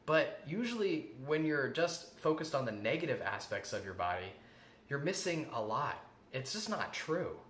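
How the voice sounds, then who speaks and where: A man's voice: medium pitch, sing-song, moderate pace, a bit bright. A man giving a self-help coaching talk, earnest, repeating his key phrases and acting out the self-talk he quotes. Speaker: host. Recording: echoey room with faint ambient noise.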